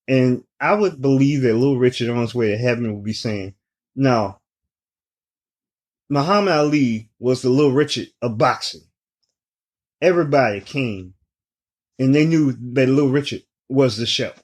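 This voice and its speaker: A man in his forties co-hosting a podcast, talking in an unhurried, casual way with many fillers. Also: mid-range voice, darkish tone. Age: 40s. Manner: unhurried, laid-back delivery with many fillers. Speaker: podcast co-host. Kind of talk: casual chat.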